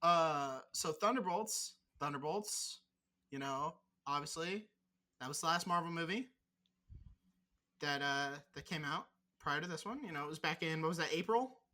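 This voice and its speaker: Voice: mid-range voice, normal speed, pushed and bright. A podcast co-host in casual chat, rambling and teasing, swearing freely.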